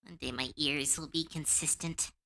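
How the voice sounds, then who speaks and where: A woman's voice: deep voice, fairly even intonation, normal speed, sharp tone. A woman streamer chatting casually while she draws, humming and giggling as she works. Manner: giggly, hums while working. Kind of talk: casual chat while drawing.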